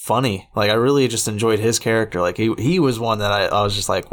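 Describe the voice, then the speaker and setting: A man's voice: fairly low pitch, fairly quick. A man co-hosting a casual film chat podcast, rambling and self-deprecating with many restarts. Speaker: podcast co-host.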